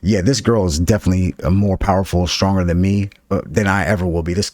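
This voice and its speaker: Low-voiced joking man, dry sound. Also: fairly even intonation, quick pace, darkish tone, no echo. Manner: joking, rambling, says "man" and "dude" a lot. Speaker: podcast co-host. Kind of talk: casual chat.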